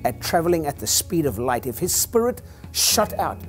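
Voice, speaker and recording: A man's voice: fairly high pitch, big pitch swings, normal speed, faint music behind. An older man, a chiropractor, giving an informal talk to an audience in a rambling, joking, preacher-like way.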